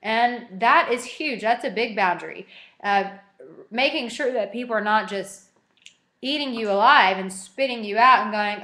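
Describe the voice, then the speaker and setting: Animated woman in an echoey room. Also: a little high, normal speed. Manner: animated, acts out quoted dialogue. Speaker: self-help speaker. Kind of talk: motivational talk to camera.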